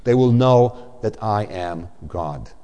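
A man voicing God as a solemn, commanding male deity, speaking low and grave, in the long reverb of a church hall. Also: lively intonation, takes it slowly, warm tone, muffled recording. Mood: solemn, reassuring.

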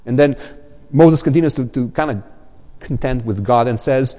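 A man's voice: medium pitch, normal speed. Middle-aged male pastor, emphatic Sunday sermon, repeats key points, long church-hall reverb. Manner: emphatic and repetitive, quoting scripture with lively vocal swings.

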